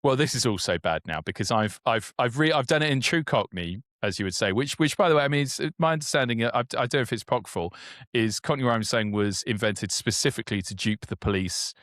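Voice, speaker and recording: A man co-hosting a podcast in casual chat, animated, with frequent restarts and sudden upward jumps in pitch when excited. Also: fast, dry recording, studio quality. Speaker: podcast co-host.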